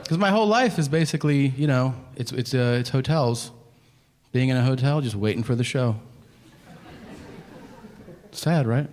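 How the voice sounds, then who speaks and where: A man in his thirties doing a stand-up comedy set, telling animated stories and acting out both sides of each conversation. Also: mid-range voice, normal speed, long pauses. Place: comedy venue stage with audience laughter. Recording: live stage audio with audible background noise.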